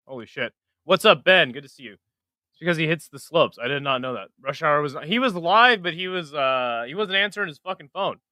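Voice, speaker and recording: A man's voice: fairly high pitch, pushed and bright, clean tone, dry recording. A man hosting a casual live stream who swears, mocks himself and mutters while fiddling with his setup. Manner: profane, self-mocking, mutters to himself. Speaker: livestream host.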